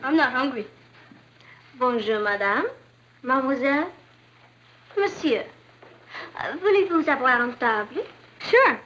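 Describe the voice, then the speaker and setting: A woman's voice: sits high, lively intonation, unhurried, long pauses, fairly bright tone, slight background noise. An actress playing a bubbly, chatty teenage girl in a 1960s sitcom. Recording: dull old TV audio with music.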